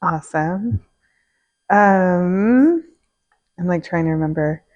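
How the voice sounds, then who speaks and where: A woman's voice: on the low side, animated, slow pace, a little mellow, muffled recording. A woman interviewing a close friend in casual conversation, encouraging him with short affirmations.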